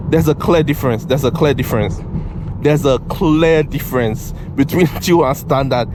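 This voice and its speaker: An excitable man talks his way through a test drive. He repeats lines and scolds the car as it moves. Clear road noise fills the cabin behind his voice. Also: fairly high pitch, unhurried. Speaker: car reviewer. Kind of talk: casual driving commentary. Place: inside a moving car.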